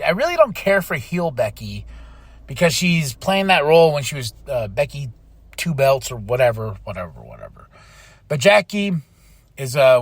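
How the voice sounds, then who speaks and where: A man's voice: on the high side, fairly bright tone, no room sound. A man hosting a podcast, recapping wrestling in casual, profane chat and mimicking wrestlers as he goes. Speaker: podcast host.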